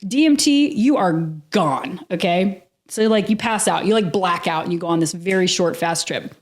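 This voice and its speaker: On a podcast interview, a woman with a fairly low voice tells a personal story at a normal speed. She's lively and casual, laughing often and swearing freely.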